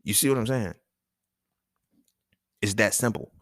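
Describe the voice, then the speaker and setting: A man's voice: fairly low pitch, a little slow, a bit bright, no room sound, clean studio sound. A man hosting his own talk show, delivering a casual, profane monologue full of slang and laughter. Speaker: podcast host.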